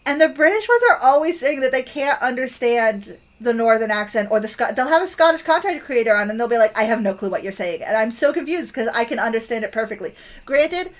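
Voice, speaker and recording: A woman's voice: fairly high pitch, lively intonation, fairly quick. Chatty young woman. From Canada. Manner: chatty and rambling, with many fillers, restarts and laughs. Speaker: streamer. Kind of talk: casual chat to a stream audience.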